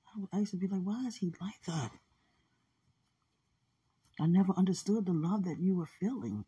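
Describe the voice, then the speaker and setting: Soft, dark-voiced woman murmuring heartfelt prayer. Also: on the low side, a little fast, long pauses, breathy edge. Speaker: podcast speaker. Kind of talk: casual emotional talk about faith and love.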